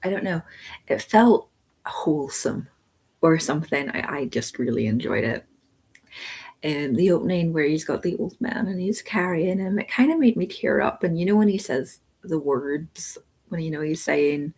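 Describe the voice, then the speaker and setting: A woman's voice: deep voice, lively intonation, normal speed, a little mellow, husky. A woman hosting a live book club stream, rambling casually about a TV episode and thinking aloud with lots of ums.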